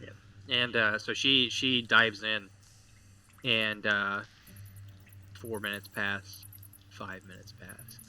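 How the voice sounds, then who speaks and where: A man narrates a tabletop game as its game master, his voice very bright and his delivery loose and halting. Faint noise sits behind him. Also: on the low side, flat delivery. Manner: casual, halting narration with fillers.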